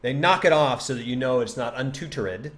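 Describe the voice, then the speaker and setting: A man casually teaching a poem on a livestream, chatty and animated, thinking aloud and tapping out rhythms. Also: mid-range voice, a little fast. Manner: taps out rhythm with nonsense syllables. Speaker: streamer explaining a poem.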